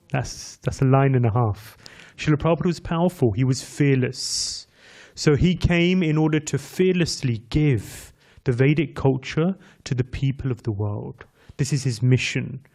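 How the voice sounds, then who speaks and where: A man's voice: mid-range voice, normal speed, a little mellow. A man with an English accent giving a conversational sermon as a visiting speaker, talking directly to his audience and asking them questions. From England. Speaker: visiting speaker at a temple class.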